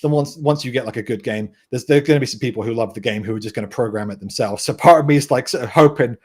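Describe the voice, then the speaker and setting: A man's voice: medium pitch, fast, darkish tone, husky. A man from the West Country with a light West Country English accent, chatting casually as a guest game designer into a desk microphone, rambling with stammered restarts. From West Country, England. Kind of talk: casual podcast chat.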